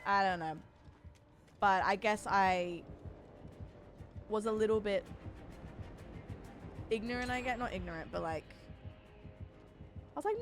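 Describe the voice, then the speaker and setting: A woman's voice: medium pitch, unhurried, long pauses, soft background music. A young woman streaming from home, chatting casually and rambling as she greets her chat by name.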